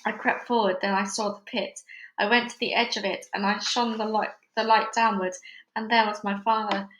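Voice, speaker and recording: A woman's voice: medium pitch, little pitch movement, normal speed, fairly bright tone. Lady doing a read-along of a kids' book at home, chatty, echoey room. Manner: casual, chatty with fillers. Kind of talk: reading a children's book aloud. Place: busy house.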